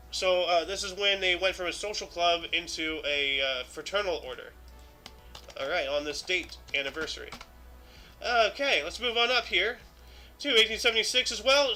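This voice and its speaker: A man with a high, very bright and sharp voice reads historical entries aloud on a livestream. Between entries he drifts into loose, offhand chat, full of ums and restarts. Soft music plays faintly underneath. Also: low-quality recording. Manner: reads dates aloud, then chats loosely with many fillers. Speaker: host of a daily history show. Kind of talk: livestream reading and commenting.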